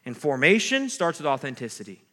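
A man preaching a sermon in a fairly high, forceful voice. He talks like he is chatting with his listeners, asking them "right?" and "okay?" as he goes, switching between strong, loud points and quieter asides. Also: wildly swooping pitch, a little fast. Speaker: campus ministry pastor.

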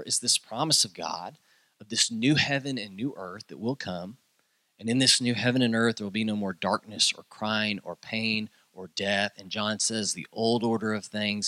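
A man preaching a sermon, telling a story with quoted voices and dropping low and soft for emphasis. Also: no echo. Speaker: pastor.

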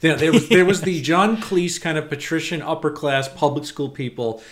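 A man's voice: a little high, normal speed. A man co-hosting a podcast in casual chat, talking in long, digressive stretches full of restarts. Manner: rambling, digressive with many restarts. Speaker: podcast co-host.

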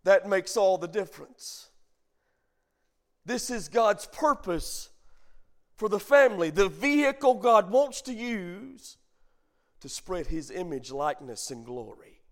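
A middle-aged pastor preaches a sermon in a high, animated voice, taking it slowly with frequent pauses. He calls on the congregation to respond and tells a folksy family story, breaking into bursts of emphasis along the way.

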